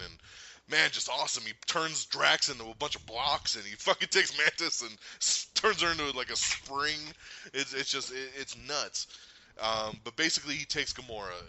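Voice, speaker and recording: Excitable man with a bright, forceful voice. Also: mid-range voice. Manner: excitable, acts out quotes in funny voices, swears. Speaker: podcast host. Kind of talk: casual movie review chat.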